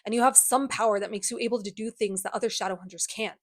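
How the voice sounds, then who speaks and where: A woman's voice: mid-range voice, fast talker, natural voice. Woman quoting an earnest loyal young man.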